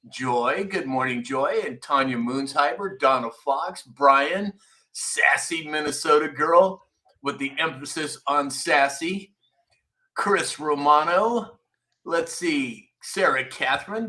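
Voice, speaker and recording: A man's voice: a little high, bright, forceful tone. A man hosting a casual morning live stream, greeting viewers by name and teasing them. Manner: chatty, teasing, reads out viewer names. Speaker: live show host.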